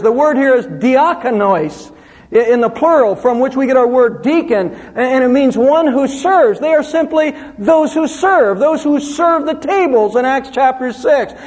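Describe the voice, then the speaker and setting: A man preaching an expository sermon, with lively, rising and falling emphasis. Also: very high voice, big-room sound. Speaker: pastor.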